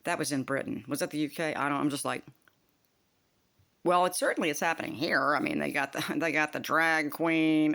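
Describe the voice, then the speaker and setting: A woman's voice: low voice, fairly bright tone. An older woman vents straight to camera in a long, heated monologue. She swears freely and rambles from one grievance to the next. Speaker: vlogger.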